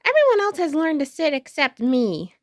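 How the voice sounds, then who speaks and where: A woman's voice: sits high, wildly swooping pitch, normal speed, dry recording, studio quality, voice pushed up. Woman doing a mopey little sausage dog boy. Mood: sad.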